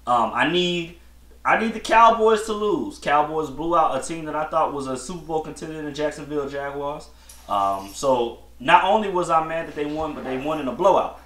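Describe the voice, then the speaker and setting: A man with a fairly high, slightly bright voice talks at a moderate pace as he hosts his own podcast. He rambles, restarts many times, and delivers blunt opinions in slang, all in an echoey room.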